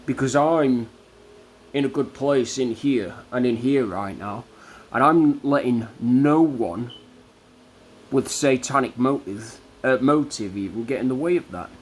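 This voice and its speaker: A man speaks at a slow, measured crawl, leaning hard on single words as he rants defiantly about faith and the people he calls his enemies. His voice sits at an ordinary middle pitch, and a faint hum of room ambience runs behind him. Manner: slow, deliberate, combative, drawn-out emphasis. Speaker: vlogger. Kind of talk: defiant religious rant to camera.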